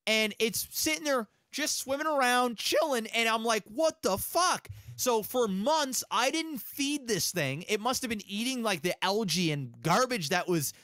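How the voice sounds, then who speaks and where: A man co-hosting a casual podcast, telling a long story in a profane, animated way and acting out his own reactions. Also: extremely high pitch, moderate pace, hardly any pauses, dry recording, studio quality. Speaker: podcast co-host.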